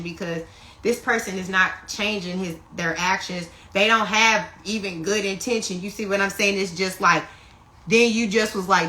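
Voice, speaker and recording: A woman giving a casual spiritual tarot reading on a phone live stream, animated and profane, who keeps checking in with her listeners. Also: mid-range voice, normal speed. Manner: animated, profane, keeps asking "you see what I'm saying". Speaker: tarot reader.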